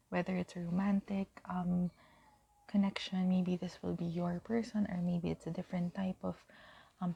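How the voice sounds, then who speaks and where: A young woman giving a pick-a-card tarot reading to camera, emotional and halting, with many pauses and fillers. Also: fairly low pitch, creaky, mellow, slightly rough.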